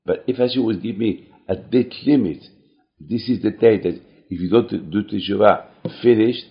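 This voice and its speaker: A man giving an earnest short talk to a congregation, repeating his phrases and restarting halting sentences. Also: on the low side. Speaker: cantor and speaker. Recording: dull lo-fi recording.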